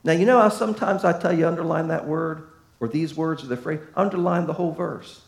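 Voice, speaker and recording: Preacher with a high, roomy voice. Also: male voice, fairly quick, gravelly. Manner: folksy, emphatic preaching with big swings from loud to hushed. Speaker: pastor. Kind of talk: sermon. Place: church sanctuary. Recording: echoey room.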